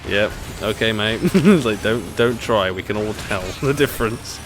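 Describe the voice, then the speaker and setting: Streaming a racing game live from home, a man rambles along and laughs at his own jokes. His voice is slightly low, his intonation lively, and his speed normal, with game music clearly audible in the background.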